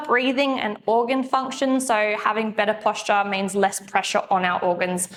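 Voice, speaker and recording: A woman's voice: mid-range voice, little pitch movement, moderate pace. A woman chiropractor giving an upbeat, chatty live presentation with slides to an audience, laughing often. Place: room with an audience. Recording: echoey room, faint background noise.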